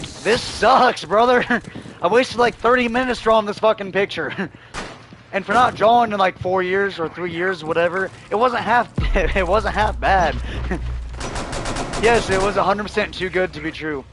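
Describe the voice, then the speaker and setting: Hoarse man chatting on a game stream. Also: high voice, moderate pace, fairly bright tone, a little hiss or hum. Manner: loose rambling storytelling, laughs often, swears freely. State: losing his voice, hoarse. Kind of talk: casual livestream chat while gaming.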